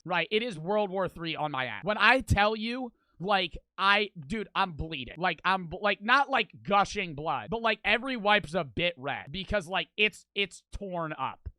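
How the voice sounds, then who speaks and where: High, bright-voiced young man ranting. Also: no room sound. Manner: animated, profane, repetitive storytelling. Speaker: streamer. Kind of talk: casual storytelling.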